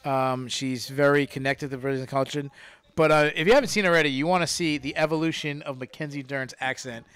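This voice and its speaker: A man hosts a casual MMA podcast, chatting with his co-hosts through a studio microphone in a clean, smooth, resonant voice that sits a bit high for a man and has a fairly bright tone. He talks fast with fairly even intonation, rambling and repeating or restarting phrases. There's no room sound.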